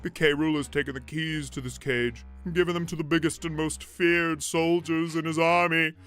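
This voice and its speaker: A man voicing a big, soft-hearted male crocodile prisoner who talks in a soft, pleading, sniffly way, reading game dialogue aloud. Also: fairly high pitch, fairly even intonation, moderate pace, faint music behind, natural voice. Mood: hushed.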